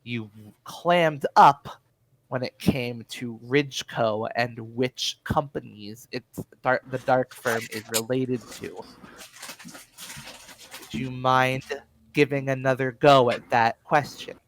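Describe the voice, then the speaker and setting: A stern male inspector in a tabletop game, cold and measured, played by a man running the session. He presses a prisoner with slow, deliberate threats. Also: medium pitch, fairly even intonation, slight background noise, rough recording. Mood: formal.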